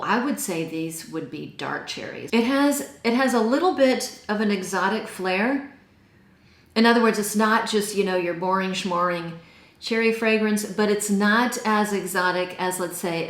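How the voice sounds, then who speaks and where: A woman's voice: medium pitch, reverberant. A woman with a Texan accent, chatting enthusiastically as she reviews perfumes. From Texas. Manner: chatty and enthusiastic, gushing over scents. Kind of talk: casual product review.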